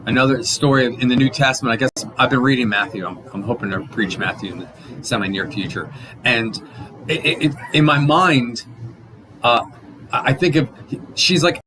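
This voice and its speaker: A man teaching a casual Sunday school Bible lesson, animated, acting out quotes and often restarting his sentences. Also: medium pitch, moderate pace, a little hiss or hum, low-quality recording.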